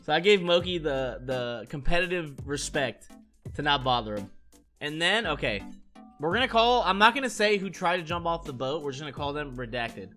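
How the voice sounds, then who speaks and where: Excitable male streamer, animated storyteller with a swooping, lively voice. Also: moderate pace, soft background music. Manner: excitable, swears, acts out quotes with big pitch swings. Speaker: streamer telling stories.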